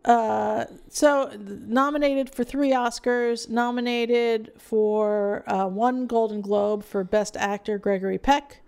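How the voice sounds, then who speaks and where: A woman's voice: on the high side, steady tone, slow, vocal fry, few pauses, a little mellow, clean tone. A woman co-hosting a casual film podcast, rambling through award lists with lots of fillers. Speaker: podcast co-host. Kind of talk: casual film review chat.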